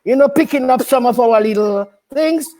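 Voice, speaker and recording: A woman's voice: sits high, normal speed, warm tone. Firm, emphatic older nurse woman. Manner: emphatic, repeats herself, firm "no, no, no". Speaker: nurse and midwife guest. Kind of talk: casual radio chat.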